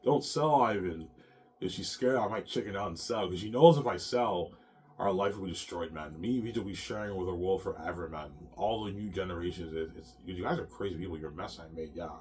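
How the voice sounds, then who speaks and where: Man with a very low voice, agitated and profane, in a rambling monologue that loops back on itself. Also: fast, a little mellow. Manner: agitated, profane, repetitive, ends phrases with "man".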